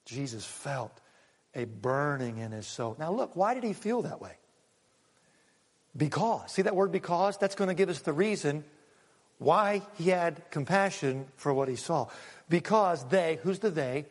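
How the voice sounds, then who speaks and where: A middle-aged man, a pastor preaching a sermon in a church and telling a story with feeling, going loud and then hushed. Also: on the high side, lively intonation, a little slow. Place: church sanctuary. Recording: long hall reverb.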